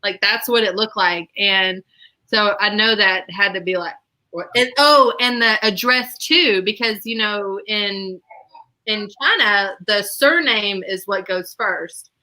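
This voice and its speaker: A woman's voice: mid-range voice, slow pace, sharp tone, rough recording. A woman, co-hosting a podcast and telling a story in casual chat, acting out the voices of the people in it. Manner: acts out quoted voices, laughs often. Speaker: podcast co-host.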